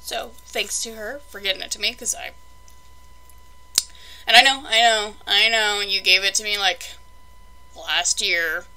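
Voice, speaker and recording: A woman's voice: medium pitch, fairly even intonation, measured pace, pauses often, bright, forceful tone, poor audio. A young woman chatting casually through a toy unboxing, rambling and exasperated in her asides.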